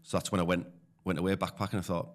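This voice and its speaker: A man's voice: low-pitched, flat delivery, racing. A man with a northeast English accent, telling stories casually as a podcast guest, chatty and full of restarts. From northeast England. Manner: chatty, tells anecdotes with lots of "mate" and restarts. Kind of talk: casual storytelling.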